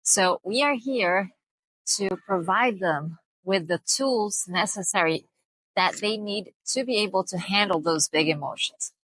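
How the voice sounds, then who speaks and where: امرأة ذات صوت مشرق وجاف تشرح بجدية. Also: female voice, mid-range voice, unhurried, a bit bright, no echo, poor audio. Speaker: parenting vlogger. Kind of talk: talking-to-camera advice.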